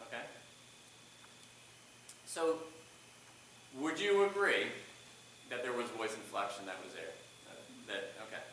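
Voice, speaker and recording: A man's voice: medium pitch, measured pace, pauses often, far from the mic, slight background noise. Man coaching speech in echoey classroom. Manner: asks the class questions, lively shifts in volume. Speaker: public speaking coach. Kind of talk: classroom talk to students.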